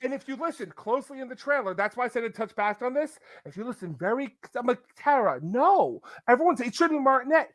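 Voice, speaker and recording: A man's voice: extremely high pitch, lively intonation, quick pace, hardly any pauses, a bit bright, dry recording. A man hosting a podcast, ranting in casual, opinionated chat and breaking into impressions.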